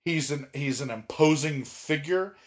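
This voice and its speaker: Guy co-hosting a wrestling podcast, kinda high voice, gets loud and stretches words for effect. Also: unhurried. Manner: frequent restarts and fillers. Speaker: podcast co-host. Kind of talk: casual wrestling podcast chat.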